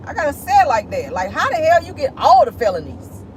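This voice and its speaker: A woman giving sassy, animated celebrity gossip commentary while driving in her car. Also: a little high, a little fast, crowd noise, poor audio. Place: in a car, driving near an airport.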